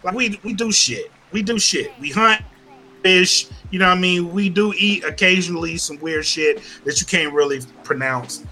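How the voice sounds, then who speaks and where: A man hosting a casual podcast, ranting loudly with heavy swearing. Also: high-pitched, moderate pace, faint music behind. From Louisiana. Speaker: podcast host. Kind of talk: casual chat.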